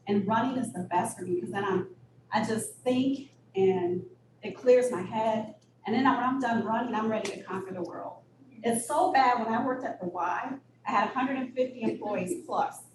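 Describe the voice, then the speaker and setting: A woman executive director telling candid stories in an interview, blunt and animated, with sudden high-pitched bursts. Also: normal speed. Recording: echoey room, distant mic, audible noise.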